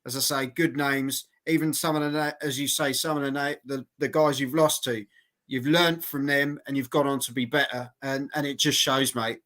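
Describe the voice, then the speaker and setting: A man's voice: mid-range voice, steady tone, moderate pace, fairly bright tone. A man hosting a casual interview, friendly and encouraging, often calling his guest mate. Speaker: interviewer, host.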